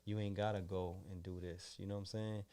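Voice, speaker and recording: Rambling low-voiced man from Boston. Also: little pitch movement, brisk, mellow, smooth. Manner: rambling, keeps repeating "you know what I'm saying". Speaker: podcast host and father. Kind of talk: casual interview chat.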